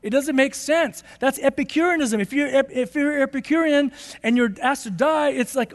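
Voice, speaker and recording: A man preaching a sermon as pastor, emphatic and repetitive, rising to excited bursts. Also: extremely high pitch, normal speed, long reverb tail.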